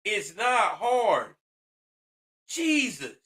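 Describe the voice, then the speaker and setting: A man's voice: sits high, big pitch swings, extremely slow, pushed and bright. A man in his forties giving heated, profane commentary on a news story, ranting angrily with a lot of emphasis. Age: 40s.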